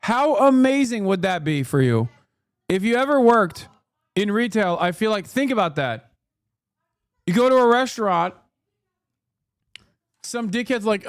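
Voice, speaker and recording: A man's voice: high voice, very animated, measured pace, pauses often, clear, resonant tone, dry recording, clean studio sound. Profane ranting streamer man. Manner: heated, profane, sarcastic ranting. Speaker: streamer and political commentator. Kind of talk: live-stream rant commentary.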